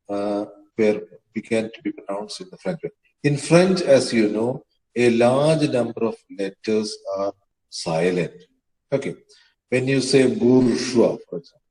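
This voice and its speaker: A man gives a lecture, pausing often and spelling out words letter by letter. His voice sits fairly low, and he speaks very slowly. The room adds a noticeable echo. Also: darkish tone. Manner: slow, hesitant, many fillers, spells words out letter by letter. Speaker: teacher. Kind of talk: lecture on language history.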